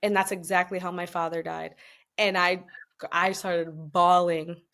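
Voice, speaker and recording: Young adult woman, podcast guest; chatty, expressive storyteller, slightly low register, emotional edge. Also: unhurried. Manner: chatty and expressive, many fillers, emotional at times.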